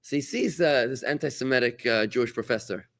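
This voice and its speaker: A man, a rabbi, giving a lively talk to his congregation and trading remarks with them, with sudden exclamations. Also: fairly quick. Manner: animated, with big pitch jumps and exclamations.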